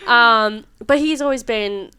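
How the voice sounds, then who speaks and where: A woman in her thirties, a guest on a casual chat show, telling animated stories, laughing often and acting out what people said. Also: fairly high pitch, takes it slowly. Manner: animated storyteller, laughs often, acts out quotes.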